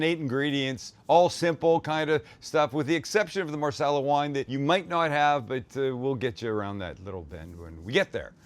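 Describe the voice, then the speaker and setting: A man hosting a cooking show, demonstrating a recipe in a casual, joking way full of offhand asides. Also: mid-range voice.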